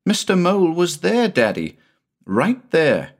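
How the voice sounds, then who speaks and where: An excited, breathless little boy who pleads in a high, rising voice, as a man reading aloud puts him on. His lines swing up and down eagerly, and he is audibly out of breath. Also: measured pace, heavily acted. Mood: excited pleading.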